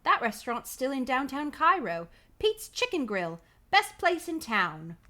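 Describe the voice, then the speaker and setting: A woman's voice: sits high, big pitch swings, a little slow, sharp tone, voice pushed up, heavily acted. A woman doing a friendly male film extra with an attempted Manchester accent.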